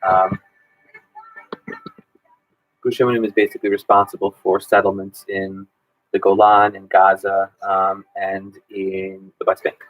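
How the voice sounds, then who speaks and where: A man's voice: sits low, level tone, a little slow, pauses often, no echo, phone-quality sound. A man in his thirties, a history teacher running a casual exam review Q&A and talking in a chatty way with many ums and restarts.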